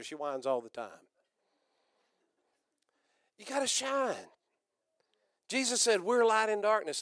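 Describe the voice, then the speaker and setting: Older guy preaching loud, high bright voice, dry close sound. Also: big pitch swings, normal speed, pauses often, no echo. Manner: loud rousing preaching with calls to the congregation. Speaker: pastor. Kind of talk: sermon.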